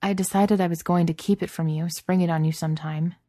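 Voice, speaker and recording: A woman voicing a sharp-tongued, defensive genius heroine who quips and pushes back, in a low, dark voice. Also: fairly even intonation, brisk, no echo, studio quality, close to an everyday voice. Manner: quippy and defensive, rising when upset.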